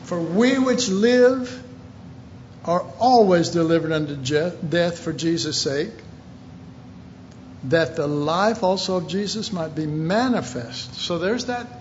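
Emphatic male preacher, high voice, slow delivery, reads scripture, muffled lo-fi sound with faint hiss. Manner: emphatic, rising to shouted questions; reads scripture aloud in King James wording. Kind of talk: sermon.

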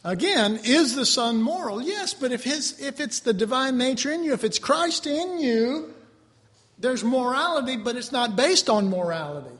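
A man preaching a sermon to his class, animated, swinging between loud outbursts and quiet asides. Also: very high-pitched, moderate pace, long reverb tail. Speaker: preacher teaching a Bible class.

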